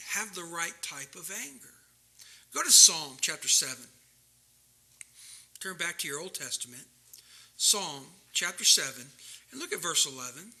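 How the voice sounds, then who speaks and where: Bright, impassioned man preaching a sermon. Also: on the high side. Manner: dramatic swings from quiet asides to loud impassioned scripture reading.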